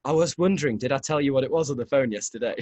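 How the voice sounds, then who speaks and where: A man's voice: medium pitch, fast, darkish tone, no room sound. Man telling a rambling story. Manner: rambling, laughing. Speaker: podcast host. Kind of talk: casual storytelling chat.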